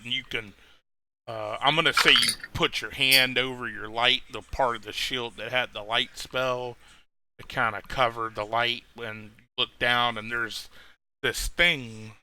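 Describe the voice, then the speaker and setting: Game master guy, slow and rambly, lots of ums, bright clear voice. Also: medium pitch, steady tone, no room sound. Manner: rambling, many fillers and restarts. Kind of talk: narrating a tabletop game.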